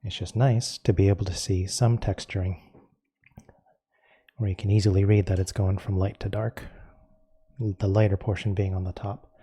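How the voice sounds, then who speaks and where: Guy walking you through a painting step by step, low husky voice, super mellow, calm and easy. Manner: calm and unhurried, explaining each step as he works. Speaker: painting instructor.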